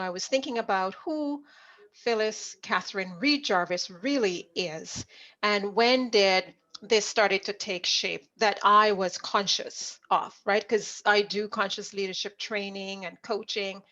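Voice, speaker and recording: A woman's voice: medium pitch, a little slow. A middle-aged woman from Jamaica, a leadership coach, telling stories from her life as an interview guest and acting out remembered dialogue. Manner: animated storyteller, acts out remembered dialogue. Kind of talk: conversational storytelling interview. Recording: dull lo-fi audio.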